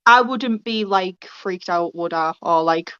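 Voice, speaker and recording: A woman's voice: lowish voice, unhurried, fairly bright tone, smooth, no echo, lo-fi sound. A woman playing in a tabletop game who rambles and repeats her words as she talks. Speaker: player. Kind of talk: casual tabletop play.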